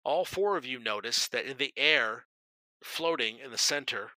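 A man's voice: mid-range voice, animated, normal speed, pushed and bright, dry recording, poor audio. A man narrating a tabletop game as game master, describing scenes vividly and dramatically.

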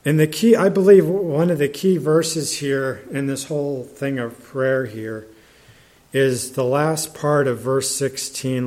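A man preaching a sermon in a conversational, halting way, with many restarts and fillers, and reading scripture aloud in older English. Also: medium pitch, a little mellow.

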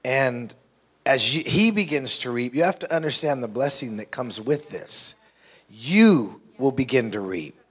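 A man's voice: mid-range voice, expressive, a little slow, fairly bright tone, slightly rough. Guy preaching in church, reads scripture, keeps asking for amens. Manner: exhorting, calls for amens, reads scripture aloud. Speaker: guest preacher, pastor's brother. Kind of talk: sermon. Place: church sanctuary.

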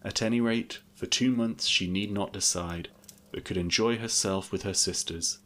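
A man narrating a classic fairy tale in a steady, measured storybook reading. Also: fairly low pitch.

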